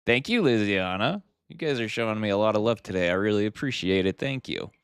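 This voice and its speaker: Animated and brisk, a man with a lowish, clean-toned voice chats with viewers during a live game stream from his home setup, thanking them and thinking aloud as he plays. The audio is clean studio sound with no room sound.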